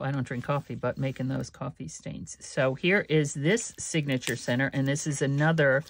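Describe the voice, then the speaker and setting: Low gravelly woman chatting slowly. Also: a little hiss or hum. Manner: chatty, meandering, with soft laughs and many fillers. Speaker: crafting channel host. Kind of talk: casual craft flip-through.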